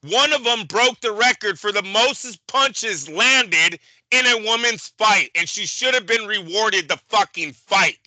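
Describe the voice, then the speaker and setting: A man's voice: high voice, lively intonation, measured pace, sharp tone, no room sound, low-quality recording. A man co-hosting a boxing podcast, ranting in heated, profane casual chat. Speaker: boxing show co-host.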